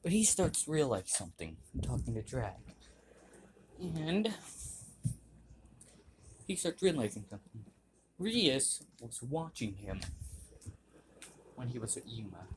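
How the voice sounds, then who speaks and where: A young man casually retelling a fan story, halting with restarts and frequent throat clearing. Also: mid-range voice, very animated. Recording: noisy home recording.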